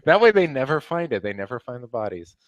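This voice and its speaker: A man's voice: mid-range voice, sing-song, fast talker, very noisy. A man co-hosting a casual chat, joking and laughing mid-sentence. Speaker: podcast co-host.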